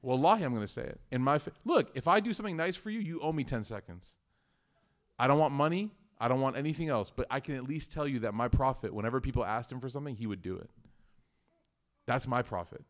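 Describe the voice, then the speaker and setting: Male community speaker, relaxed faith talk, humorous storyteller who trips over his words. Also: mid-range voice, fast talker. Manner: conversational and joking, with frequent restarts. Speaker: speaker at a community study circle. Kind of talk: casual religious talk with personal stories.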